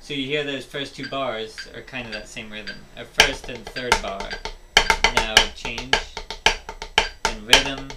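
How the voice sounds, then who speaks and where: A man teaching a drum lesson, explaining step by step and counting rhythms aloud. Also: medium pitch. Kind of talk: instructional drum tutorial. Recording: loud music and drumming behind. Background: drum playing and music.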